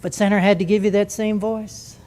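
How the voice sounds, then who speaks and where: Older man telling an animated story. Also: high voice, a little fast. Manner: animated, acts out radio voices and asides. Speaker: retired jet pilot and speaker. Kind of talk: storytelling to a live audience.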